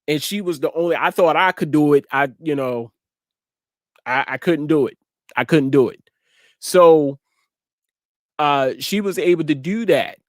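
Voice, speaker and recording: A man's voice: fairly high pitch, unhurried, long pauses, no echo. Man, talk show host, repeats words, dry close sound. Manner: laughs often, repeats words, slangy. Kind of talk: casual chat to a live audience.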